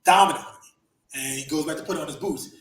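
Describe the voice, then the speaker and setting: A man hosting a podcast, telling profane, animated stories, laughing often and acting out the people he quotes. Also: a little high, fast. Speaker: podcast host and former wrestler. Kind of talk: casual storytelling chat. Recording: roomy echo.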